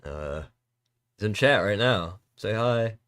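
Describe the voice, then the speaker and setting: A young man streaming, teasing in casual, deadpan banter with mumbled asides. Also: fairly low pitch, slow.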